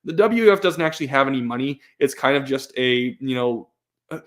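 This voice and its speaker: A young man talks casually on his live stream. He reads questions from chat aloud and answers them with firm opinions, often stumbling, restarting and filling gaps with "uh". His voice sits at an ordinary middle pitch. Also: expressive, brisk.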